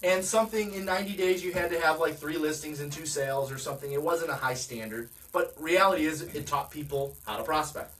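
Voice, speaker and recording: A man's voice: a little high, fairly quick, few pauses, a bit bright, distant mic, rough recording. A man giving a direct, conversational sales training talk, often asking his listeners questions. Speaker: real estate sales coach.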